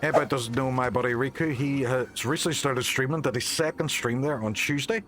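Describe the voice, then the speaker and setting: A man's voice: mid-range voice, brisk. Chatty Northern Irish man streaming a game. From Northern Ireland. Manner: chatty, swears casually, reacts loudly to the game. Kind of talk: casual game streaming chat. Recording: faint background music.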